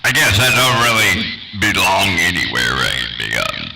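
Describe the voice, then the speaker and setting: A man's voice: low voice, sing-song, normal speed, vocal fry, over loud music, rough recording. A man with a Texan accent hosting casual ham radio banter, rambling and teasing crudely, with lots of fillers. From Texas. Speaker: ham radio operator and stream host.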